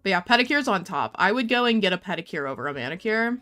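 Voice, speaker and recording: A woman's voice: medium pitch, big pitch swings, quick pace, a bit bright, faint music behind. A young woman casually chatting on a game stream, playful and talkative, talking to her cat and viewers.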